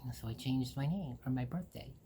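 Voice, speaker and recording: A woman's voice: a bass voice, a little fast, warm tone, a little hiss or hum. A woman in her forties from Ohio, hosting her own show and telling personal stories in a rambling, candid way, swearing freely and acting out what people said. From Ohio, USA. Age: 40s. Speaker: host. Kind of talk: casual personal storytelling.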